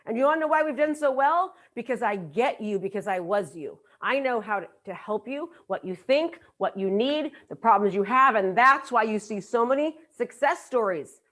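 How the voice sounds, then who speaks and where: A woman's voice: fairly high pitch, expressive, normal speed, few pauses, fairly bright tone. Emphatic woman coaching a seminar crowd. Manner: emphatic, repeats key lines for effect. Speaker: business coach. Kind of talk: motivational seminar talk. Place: live event.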